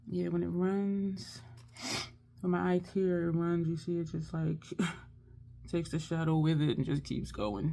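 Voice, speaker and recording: Woman makeup vlogger, low register with vocal fry, chatty and thinking out loud. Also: fairly even intonation, a little slow. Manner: chatty, thinks aloud while working. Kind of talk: casual makeup tutorial chat.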